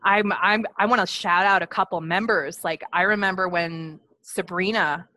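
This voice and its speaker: A woman's voice: on the low side, fairly even intonation, normal speed, bright, forceful tone. A woman co-hosting a casual conversation about psychic development, candid, laughing often and swearing freely. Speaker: podcast co-host, psychic medium teacher. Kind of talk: casual chat.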